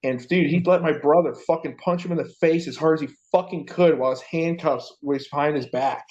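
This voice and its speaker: Fairly high-pitched and fairly quick, a man's voice comes through lo-fi sound. Co-hosting a podcast, he shares a story in casual chat, animated and profane as he performs the voices of those in it.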